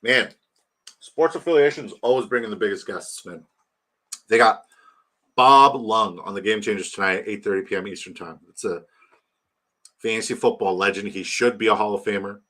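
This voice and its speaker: A man's voice: on the low side, moderate pace, long pauses, sharp tone. A man hosting a casual livestream, rambling about his draft, reading chat aloud and hyping a giveaway. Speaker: livestream host.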